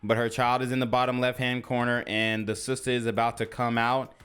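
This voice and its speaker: Smooth-voiced man giving blunt commentary. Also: mid-range voice, level tone, a little fast, a bit bright. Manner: blunt, slangy, talks over clips. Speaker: commentary channel host. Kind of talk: casual reaction commentary.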